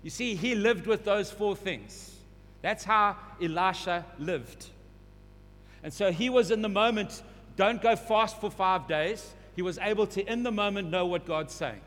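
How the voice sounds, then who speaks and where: A man's voice: sits high, unhurried, fairly bright tone. A man preaching a sermon, repeating phrases and building to urgent emphasis. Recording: long hall reverb, faint hum.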